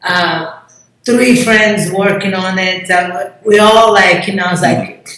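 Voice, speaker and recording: A woman's voice: mid-range voice, slow, fairly bright tone. Effusive woman in an echoey room. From Brazil. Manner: effusive, acts out quoted dialogue. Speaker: contest promoter, interview guest. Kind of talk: casual interview chat.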